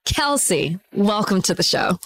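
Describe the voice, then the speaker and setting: A woman's voice: medium pitch, very animated, a little slow, fairly bright tone. A woman hosting a podcast, chatting casually with a guest in an upbeat, giggly way. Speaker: podcast host. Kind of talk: casual chat interview.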